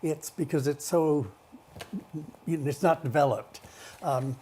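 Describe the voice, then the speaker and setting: A man's voice: a little high, takes it slowly, mellow, husky. A man, a play director, guesting in a TV studio interview, thoughtful and a bit hesitant. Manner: hesitant, thoughtful, restarts often.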